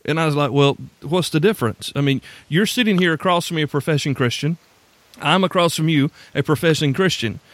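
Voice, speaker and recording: A man hosting a podcast, telling a story in relaxed, reflective talk. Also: on the high side, a little fast, no room sound. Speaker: podcast host. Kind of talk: casual conversation.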